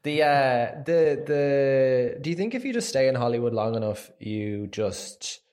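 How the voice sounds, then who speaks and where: A man's voice: medium pitch, expressive, unhurried, darkish tone. Teasing man, playfully contrarian. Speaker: podcast co-host. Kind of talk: casual film chat.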